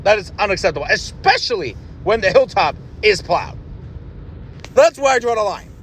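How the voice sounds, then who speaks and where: A man's voice: sits high, sing-song, moderate pace, fairly bright tone, slight background noise. A man hosting a podcast, delivering a blunt, profane, exasperated rant. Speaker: podcast host. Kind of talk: ranting podcast monologue.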